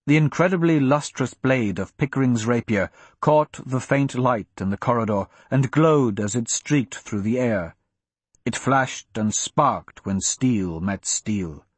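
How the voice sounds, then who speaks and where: A man narrating a fantasy audiobook in a steady, measured storytelling manner, recorded on a close mic. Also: mid-range voice, husky, no room sound.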